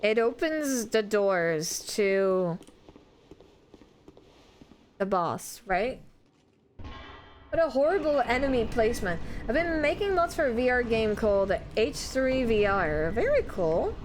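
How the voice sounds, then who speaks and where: A woman's voice: a little high, animated, takes it slowly, long pauses, background noise. A woman streamer chatting casually with her viewers while she plays, full of dramatic exclamations. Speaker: game streamer. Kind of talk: casual live gaming commentary.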